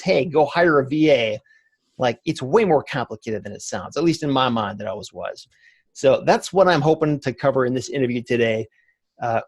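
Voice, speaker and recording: A man's voice: medium pitch, dry recording. Man, 30s, podcast host, casual chatty delivery, dry close mic. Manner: conversational, loose with fillers like "like". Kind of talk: casual interview chat.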